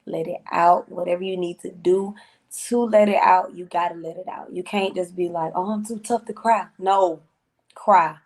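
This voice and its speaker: A woman's voice: fairly low pitch, flat delivery, moderate pace, darkish tone. A woman musician as a podcast guest, talking casually and earnestly, repeating phrases and using slang. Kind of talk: casual interview talk.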